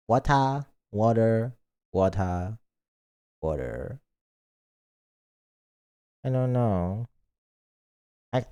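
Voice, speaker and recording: A man's voice: mid-range voice, darkish tone. A man streaming and chatting casually in a playful, rambling way, reading chat messages aloud. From lives in Britain, not British.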